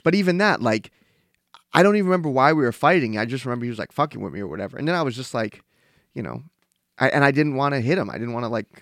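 Fast-talking laid-back young man. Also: medium pitch, big pitch swings, a bit bright, no room sound, clean studio sound. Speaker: podcast co-host. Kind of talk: casual chat.

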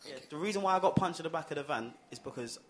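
Fast-talking man recounting a story. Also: on the high side, expressive, a little hiss or hum. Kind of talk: casual panel discussion.

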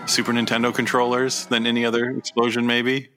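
A man's voice: mid-range voice, completely flat delivery, a little fast, sharp tone. A man co-hosting a casual podcast chat, joking and enthusiastic as he banters with his co-host.

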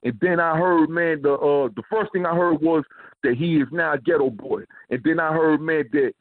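A man's voice: on the high side, steady tone, moderate pace. A man, casually telling stories as a guest, filling his talk with "man" and "you know what I'm saying". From New York. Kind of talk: casual storytelling. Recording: tinny phone line.

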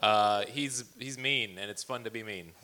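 A man playing a tabletop game, talking casually with a dry, deadpan manner. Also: fairly low pitch, moderate pace, a crowd in the background. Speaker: player.

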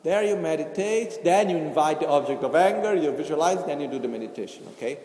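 Speaking fast with lively intonation and a slightly high voice, this Buddhist teacher delivers a talk in a hall with a long echo. His manner is gentle, peppered with repeated "okay?" and "you know," and he voices people's inner thoughts.

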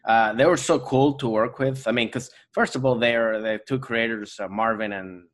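A man's voice: medium pitch, moderate pace. A man with a Venezuelan accent, a guest comedian and actor chatting casually in a podcast interview, rambling through restarts and fillers.

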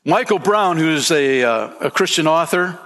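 A man's voice: on the high side, expressive, unhurried, a bit bright. A man preaching a sermon as pastor, emphatic, lifting his voice for key points and calling listeners "man" and "friend".

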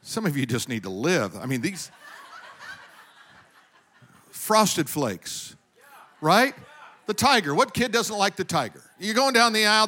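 A middle-aged man preaching a sermon as pastor, animated, often asking the congregation questions. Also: sits high, a little slow, long pauses.

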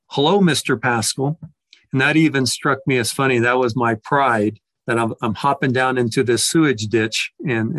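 A man's voice: mid-range voice, a bit bright, no room sound. A man telling a personal story in a reflective way, often restarting and repeating words as he goes.

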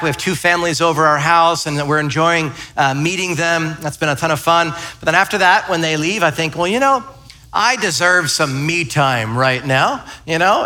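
Pastor, thirties, bright and fairly high voice, telling self-deprecating stories in a church sermon. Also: male voice. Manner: conversational storytelling, self-deprecating. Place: church sanctuary.

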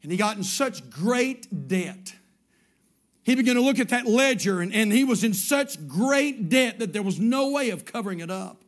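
A male pastor preaches through a story. His voice sits high, and he repeats his phrases. He drops to a hush, then climbs to full shouts. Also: expressive, moderate pace. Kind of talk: sermon storytelling.

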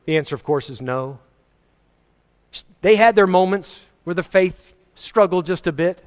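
Man, pastor, sermon, conversational preaching, slightly high voice, long hall reverb. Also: normal speed. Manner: conversational preaching with chuckles and acted quotes.

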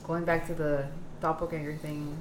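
A woman's voice: low-pitched, flat delivery, normal speed. A woman in casual podcast chat, talking in a thoughtful, hedging way. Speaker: podcast co-host. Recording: echoey room with faint noise.

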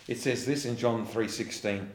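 A man's voice: medium pitch, moderate pace, echoey room, a little hiss or hum. A man preaching an earnest sermon as a pastor. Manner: earnest, ends in a quiet prayer.

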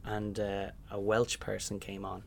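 He's a young musical theatre performer from Ireland whose fairly low voice runs a little slow, with some vocal fry. Chatting in a laid-back interview, he tells lively stories and imitates the voices within them.

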